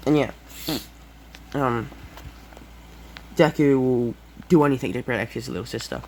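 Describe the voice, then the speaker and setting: A man narrates an improvised fan story, pausing often with fillers and correcting himself. His voice sits at a middle pitch, with a faint background hum. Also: gravelly. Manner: hesitant, many fillers and self-corrections.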